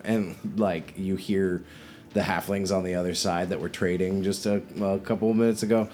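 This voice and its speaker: A man narrating as game master in a tabletop game, relaxed and rambling. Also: low-pitched, normal speed, soft background music.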